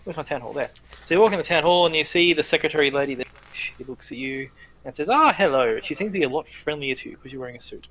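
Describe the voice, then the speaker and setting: A man narrating as dungeon master in a tabletop game, laughing often and talking quickly with fillers. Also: on the high side, a bit bright. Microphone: home mic on a livestream.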